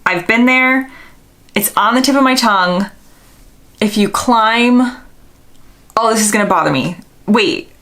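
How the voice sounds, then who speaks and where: A woman's voice: a little high, a little slow, long pauses, a bit bright. A young American woman vlogger, casually thinking aloud and second-guessing herself while answering quiz questions. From United States.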